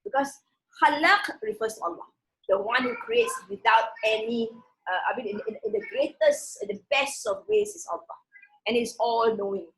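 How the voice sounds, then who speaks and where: A woman teaching a Quran passage, reading the Arabic words slowly and with stress, then explaining them in a relaxed way with many restarts. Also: on the high side, low-quality recording.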